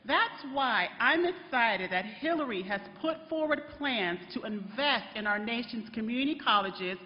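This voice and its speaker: Introducing the candidate at a rally, a woman with a rather high, lively voice reads her prepared speech at a moderate pace. Earnest and choking up with emotion, she fills a large, echoing hall through a dull PA, with the crowd audible behind her.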